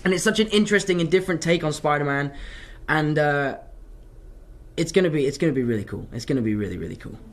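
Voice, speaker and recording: A man's voice: a little high, fast talker. A young man, an actor answering fan questions in a casual live Q&A, telling stories with self-mocking asides. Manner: animated, chatty storytelling, self-mocking asides.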